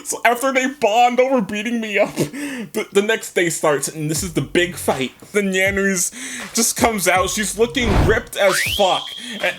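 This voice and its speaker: A man's voice: high voice, moderate pace, music in the background. A man as a VTuber telling a rambling comic story, laughing and swearing as he goes. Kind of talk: comedic storytelling.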